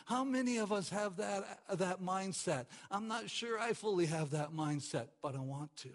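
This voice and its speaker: A man preaching a sermon with passion, repeating phrases for emphasis and swinging between loud exclamations and quiet stress. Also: sits high, measured pace, few pauses. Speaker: pastor.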